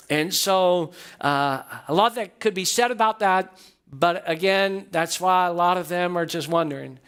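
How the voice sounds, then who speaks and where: A man's voice: on the high side, fairly bright tone. A man pastor preaching a sermon to his church, stressing points by repeating phrases and asking the congregation questions. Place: church sanctuary.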